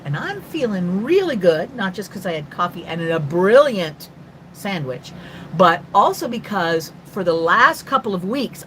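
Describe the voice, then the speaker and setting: A woman's voice: on the low side, a little hiss or hum, rough recording. An older woman from North Carolina who hosts a chatty, rambling live stream as an artist and greets her viewers by name. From North Carolina, USA. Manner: talkative and quick after coffee. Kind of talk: casual live-stream chat.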